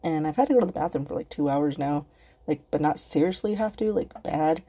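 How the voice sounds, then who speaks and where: A woman's voice: deep voice, a little fast, mellow, slightly rough. A woman hosting a podcast on her own, rambling in casual chat from her computer at home, swearing freely and earnest. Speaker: podcast host.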